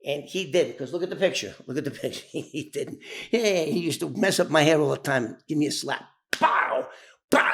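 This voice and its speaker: New man, slightly high voice, loose profane storyteller who circles back and restarts a lot. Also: animated, normal speed, pushed and bright. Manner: profane, rambling, with many restarts and asides. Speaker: former informant telling his story. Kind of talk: casual storytelling.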